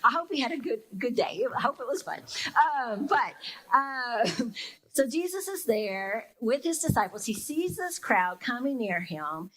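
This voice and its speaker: A woman's voice: fairly high pitch, big pitch swings, unhurried, fairly bright tone, poor audio. A young woman pastor giving a casual, reflective sermon, with lots of fillers and talking to her listeners as if in conversation. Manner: casual and reflective, many fillers, acts out listeners' inner reactions.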